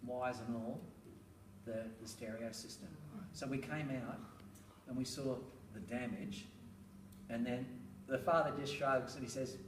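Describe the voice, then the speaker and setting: A middle-aged man gives a talk on raising children, spinning anecdotes and tossing in rhetorical asides with a chuckle. He is picked up from some distance in an echoey room, and steady noise sits under his voice. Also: mid-range voice, a little slow. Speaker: speaker on parenting, school educator. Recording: roomy, distant, noisy room recording.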